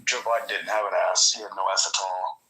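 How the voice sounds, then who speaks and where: A man in relaxed, profane casual chat as a podcast guest. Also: low-pitched, fast, slight background noise, low-quality recording. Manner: laid-back, profane, agreeable.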